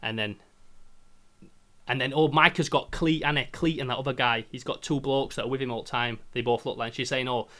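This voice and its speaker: A man's voice: mid-range voice, fairly even intonation, fairly quick, bright, forceful tone. A young man, retelling a game plot in casual podcast chat, swearing often and mimicking gunfire. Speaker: podcast host.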